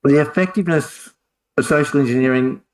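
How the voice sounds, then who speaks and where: A man on a live stream, explaining in a measured way with hesitant fillers. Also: on the high side, low-quality recording. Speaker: co-host.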